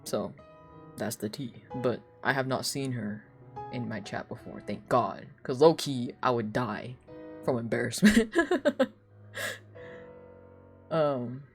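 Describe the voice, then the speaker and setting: A young woman streamer telling casual stories, animated and laughing often, with lots of "like.". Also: rumbling low, slow pace, pauses often, soft background music. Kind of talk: casual storytelling chat.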